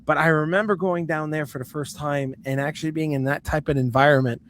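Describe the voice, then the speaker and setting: A man telling a story in casual chat, animated and swearing freely. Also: fairly high pitch, brisk, no echo. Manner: animated, swears freely, acts out quoted voices. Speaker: guest.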